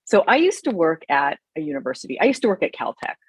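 A woman's voice: low voice, very animated, fast, breathy edge, no echo. A woman podcast host telling a story in casual chat. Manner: chatty, storytelling.

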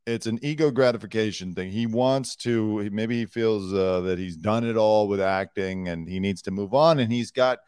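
A man's voice: lowish voice, normal speed, hardly any pauses, a little mellow, clear, resonant tone, dry recording, studio quality. A man hosting a podcast in casual chat, telling stories wryly and conversationally. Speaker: podcast host.

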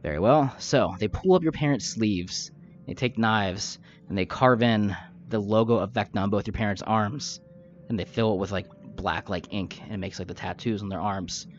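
A man's voice: on the low side, normal speed. A man game master, lo-fi, faint music. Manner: casual storytelling with fillers, laughs at own jokes. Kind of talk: narrating a tabletop game backstory. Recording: dull lo-fi audio with faint music.

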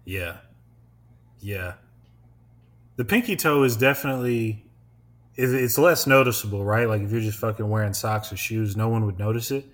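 A man's voice: on the low side, moderate pace, long pauses. A young man hosting a podcast, chatting casually, rambling and laughing often, with lots of swearing. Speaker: podcast host. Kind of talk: casual chat.

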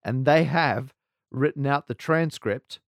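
A man's voice: mid-range voice, slow pace, no room sound, clean studio sound. A man co-hosting a podcast in casual chat, giggly and self-mocking. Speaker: podcast co-host.

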